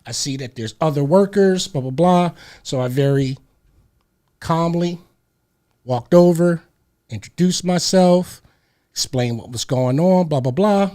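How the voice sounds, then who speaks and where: A man hosting a radio talk show, telling a story in an animated, slangy, emphatic way and repeating words as he gets heated. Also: on the high side, a little slow, long pauses.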